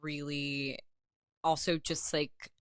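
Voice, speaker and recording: Young woman telling an animated story. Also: low-pitched, takes it slowly, clear, resonant tone, no echo, studio quality. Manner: animated, heavy use of "like", acts out quotes. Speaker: interview guest, artist and writer. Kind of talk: casual storytelling chat.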